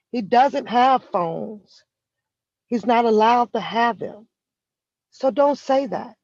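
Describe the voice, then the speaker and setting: Sitting inside a vehicle, a vlogger with a mid-range, slightly mellow voice aims a heated, profane rant straight at someone, drawing out key words slowly for emphasis. The recording sounds dull and lo-fi, dry and close, with no echo.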